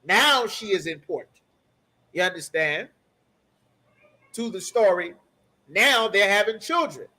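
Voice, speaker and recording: A man's voice: sits high, animated, measured pace, long pauses, sharp tone. A man leading a bible study class, emphatic, repeating key phrases and checking in with listeners. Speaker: scripture class teacher.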